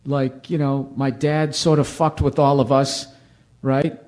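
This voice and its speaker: A man's voice: mid-range voice, little pitch movement, a little slow, darkish tone. A man in his forties, a comedian telling rambling, profane, self-mocking stories in casual conversation. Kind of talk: conversational storytelling.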